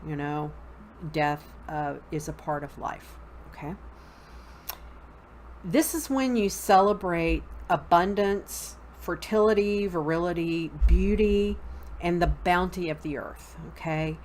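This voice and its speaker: Slow, low-voiced woman teaching Wicca. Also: a little hiss or hum. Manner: relaxed, many fillers, checks in with "okay?". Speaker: host teaching a Wicca course. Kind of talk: casual spoken lesson.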